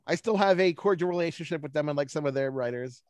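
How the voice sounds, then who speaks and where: A man's voice: a little high, fast talker, darkish tone. A man speaking as a guest on a video call, telling rambling, self-deprecating stories in a casual chat. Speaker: guest speaker, baseball forecaster.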